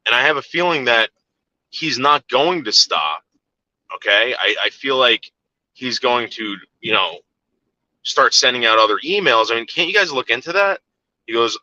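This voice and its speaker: A man with a low, very bright and forceful voice tells a story in casual chat. He rambles and swears freely, often repeating words and restarting. The recording is dry and a little dull. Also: lively intonation, moderate pace, no echo.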